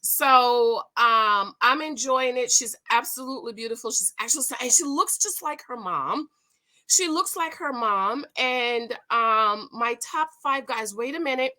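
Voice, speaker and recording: Casting: woman, New York accent, bright, high-ish voice, animated vlogger chatting to camera. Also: a little slow. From Northeast United States. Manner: animated, lively, playful asides to viewers. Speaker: vlogger reviewing a dating show. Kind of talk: casual chat to camera.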